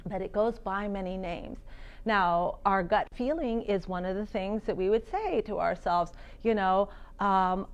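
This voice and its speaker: A woman's voice: mid-range voice, normal speed. A woman giving a health seminar talk to an audience. She acts out quoted voices and self-talk, and often restarts and repeats words.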